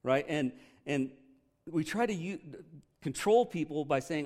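A man's voice: on the high side, expressive, a little slow, darkish tone. A man, a pastor preaching a conversational sermon with candid, joking asides.

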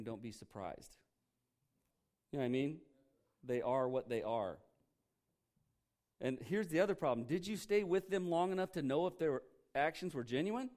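A man's voice: a little high, darkish tone. A man preaching a sermon as pastor, talking conversationally and acting out quoted voices.

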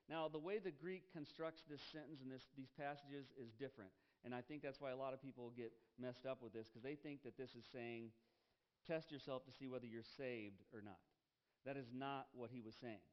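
A man's voice: mid-range voice, moderate pace, highs cut off. A man preaching a sermon as pastor, emphatic, repeating key phrases and asking the congregation questions. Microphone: headset.

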